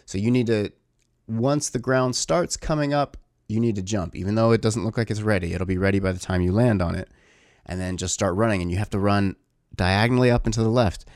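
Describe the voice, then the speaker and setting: Low-voiced man telling a rambling story. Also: a little fast, no room sound, clean studio sound. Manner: rambling, animated, swears casually. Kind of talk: casual storytelling monologue.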